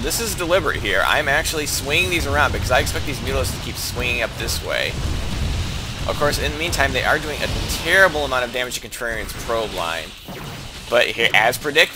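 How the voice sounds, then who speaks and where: A man's voice: mid-range voice, noisy background. Man commentating his own strategy game. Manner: thinks aloud with frequent restarts, voice lifting when fights break out. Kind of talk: casual play-by-play game commentary.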